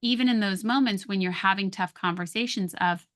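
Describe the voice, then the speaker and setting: A woman speaks in a steady mid-range voice, giving parenting advice in a relaxed conversational way. She acts out sharp and soft ways of speaking to show the difference. It sounds like an unscripted podcast chat. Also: medium pitch, normal speed. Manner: calm, coaching, acts out soft and sharp tones. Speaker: guest, parenting communication coach.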